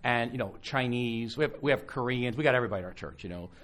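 A pastor speaks in a mid-range voice at a fast clip, delivering a conversational sermon at a live conference. He tells stories with animation, restarting his sentences often.

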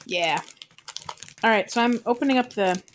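A woman co-hosting a casual snack-tasting chat, relaxed and chatty as she describes the food while chewing. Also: a little high, normal speed, slight background noise. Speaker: podcast co-host.

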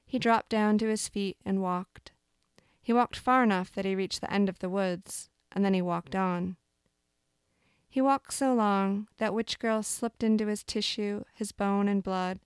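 A woman calmly reading aloud a dark fable, as storyteller. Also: mid-range voice, unhurried, clean tone, no room sound, studio quality.

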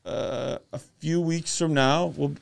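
A man's voice: fairly high pitch, steady tone, slow pace, creaky. A man co-hosting a comedy podcast, chatting casually and rambling through anecdotes with acted-out voices. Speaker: podcast co-host.

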